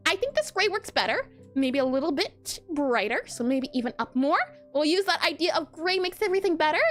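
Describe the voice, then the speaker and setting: A woman's voice: sits high, a bit bright. A woman streaming herself drawing pixel art, chatting casually and giggling as she works and answers her chat. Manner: chatty, giggly, reads chat aloud and banters. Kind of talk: casual livestream commentary while drawing.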